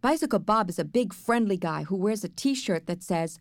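A woman narrating a children's book in the first person with an even storytelling delivery. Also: mid-range voice, normal speed, no room sound. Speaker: audiobook narrator.

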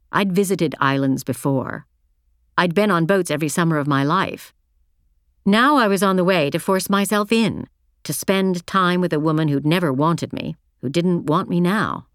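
Low-voiced woman narrating a novel. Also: no echo, clean studio sound. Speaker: audiobook narrator. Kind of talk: first-person novel narration.

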